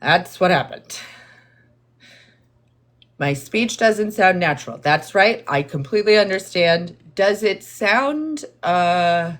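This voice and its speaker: Woman, slow careful speech, low-ish voice, calm therapist-like tone, livestream chat. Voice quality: measured tone heard as condescending. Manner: deliberate, therapist-like, calm and explanatory. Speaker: livestream host responding to chat. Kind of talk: slow, measured live-stream talk to viewers.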